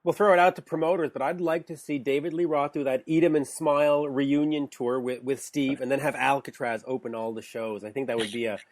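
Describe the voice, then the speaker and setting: A man hosts a casual interview in a mid-pitched voice. He mostly chimes in with quick agreements and now and then offers a chatty aside or puts a question to his guest. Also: steady tone. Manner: brief affirmations, chatty asides. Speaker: podcast host.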